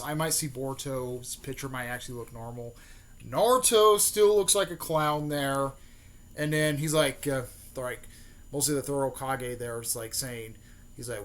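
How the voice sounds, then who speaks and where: Casting note: young male YouTuber, loose rambling storyteller, mid-pitched, soft hiss underneath. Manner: rambling, many fillers and restarts, keeps adding "there" and "mostly". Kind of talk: casual fan-theory storytelling.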